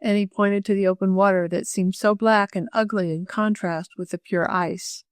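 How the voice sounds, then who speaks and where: A woman reading a classic children's novel aloud as an audiobook narrator, clear and measured. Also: medium pitch, steady tone, no room sound, studio quality.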